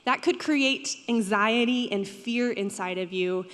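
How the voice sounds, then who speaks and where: A woman's voice: a little high, a little slow, a bit bright. Conversational young woman pastor preaching. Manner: conversational, asks the audience questions. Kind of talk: sermon. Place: church hall. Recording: long hall reverb.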